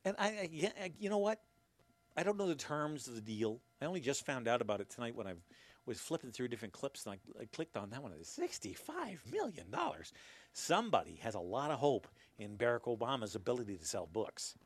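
A man's voice: mid-range voice, lively intonation, fast, no echo. A man hosting his own commentary, sarcastic and rambling, chuckling at his own jokes. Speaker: commentary host. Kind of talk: casual commentary to camera.

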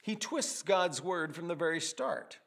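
Guy preaching a sermon, pretty high voice, lively, paints pictures, cracks little jokes. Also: a little slow, vocal fry. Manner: animated preaching with vivid word pictures and humorous asides. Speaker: pastor.

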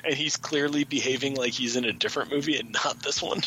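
A man's voice: medium pitch, fast talker, noisy background. A man co-hosting a podcast, giving movie opinions in a wry, incredulous way. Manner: wry and incredulous, with frequent laughs. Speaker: podcast co-host. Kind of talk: casual movie review chat.

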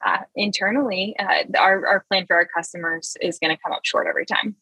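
Eager woman guest, bright forceful tone, chatty with fillers. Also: mid-range voice, brisk, husky, no echo, low-quality recording. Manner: enthusiastic, many fillers and restarts. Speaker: marketing executive, guest. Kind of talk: conversational interview.

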